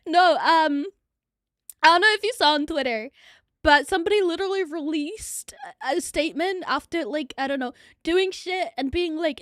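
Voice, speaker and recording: A young woman talks to her livestream chat in a high voice. She is blunt and profane and laughs often. The sound is dry and close to the mic. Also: measured pace, long pauses, dry recording. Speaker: streamer.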